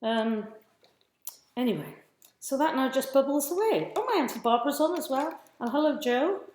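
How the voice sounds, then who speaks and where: Expressive and high-pitched with a darkish tone, a woman streams herself cooking at home, talking at a normal speed under heavy reverb. She's chatty and a bit all over the place, greeting viewers in the middle of tasks.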